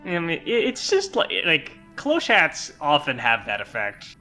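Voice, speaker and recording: Guy cracking jokes over a game, bright voice, bouncy. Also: fairly high pitch, huge pitch swings, measured pace, soft background music. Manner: playful, joking asides. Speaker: co-host. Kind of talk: let's play commentary.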